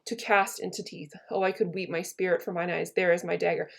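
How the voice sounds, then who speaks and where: A woman's voice: fairly low pitch, level tone, fairly quick, vocal fry. A woman reading the part of a proud, touchy Roman general, a man, in a plain classroom reading. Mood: wounded. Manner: plainly read classroom verse, barely acted.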